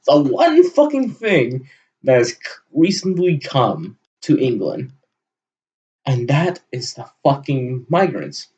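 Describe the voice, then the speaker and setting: A man delivering a heated, profane solo rant with sudden loud bursts. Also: mid-range voice. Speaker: channel host. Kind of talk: solo ranting monologue. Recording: dull lo-fi recording.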